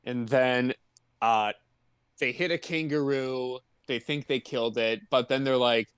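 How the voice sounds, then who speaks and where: A man's voice: medium pitch, a little slow, a bit bright, clean tone, no echo, clean studio sound. A man co-hosting a podcast, casually recapping a movie in a laid-back, joking way and laughing often. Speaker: podcast co-host.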